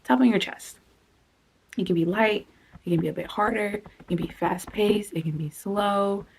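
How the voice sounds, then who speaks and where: Gravelly and mid-range, this woman speaks at a moderate pace over a slight hiss or hum. She's hosting a self-help video, chatting casually through a guided reflection, cutting herself off and occasionally dropping almost to a whisper.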